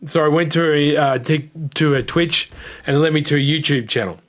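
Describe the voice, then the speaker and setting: A man's voice: a little high, fairly quick. A man telling a rambling, opinionated story in casual gaming commentary, blunt and now and then swearing. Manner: blunt, drops the odd swear. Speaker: gaming content creator.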